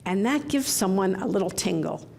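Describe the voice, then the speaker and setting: Keynote speaker, middle-aged woman, gravelly mid-pitched voice, candid and animated storyteller. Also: normal speed, slight background noise. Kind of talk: conference keynote talk. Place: large conference hall.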